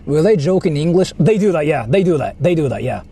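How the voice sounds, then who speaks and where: He's a fast talker with a fairly high, creaky yet warm voice and lively intonation. While driving, he vlogs in a loose, rambling style full of fillers and swearing, with faint car and street noise audible in the car.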